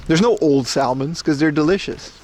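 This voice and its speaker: A man's voice: on the high side, moderate pace, a little mellow, slight background noise. A man from the Netherlands with a Dutch accent, chatting casually and rambling to his livestream audience while walking outdoors and through a supermarket. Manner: rambling, chummy, addressing chat as bro. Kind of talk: casual IRL livestream chat.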